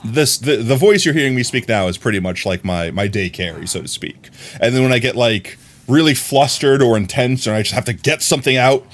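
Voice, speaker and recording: A man's voice: mid-range voice, animated, fairly quick. A man with a mild New York accent, chatting casually as a streamer while he plays, rambling, repeating words and laughing often. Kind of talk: casual chat while gaming.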